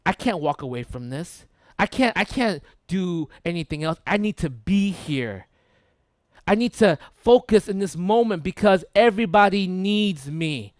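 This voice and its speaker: Preacher doing a self-justifying, fairly high-voiced man in a sermon, dry close sound. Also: expressive, a little slow, no echo. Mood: earnest. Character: Jesus imagined as a man clinging to being needed.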